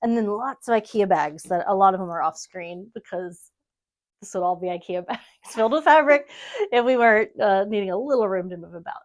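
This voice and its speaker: A woman's voice: mid-range voice, a little fast. A woman giving a casual tour of her home sewing studio, rambling, self-deprecating and laughing often. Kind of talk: casual chat.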